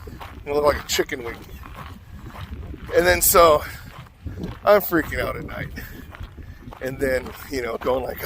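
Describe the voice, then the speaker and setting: A man's voice: mid-range voice, unhurried, long pauses, a bit bright, a little hiss or hum. A man vlogging, telling a rambling, self-mocking story full of fillers.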